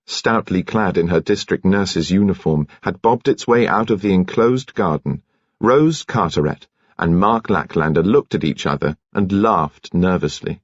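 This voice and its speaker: A man narrating an audiobook in a measured, expressive storytelling manner. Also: low-pitched, slightly rough, no echo. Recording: dry, dull audiobook studio recording.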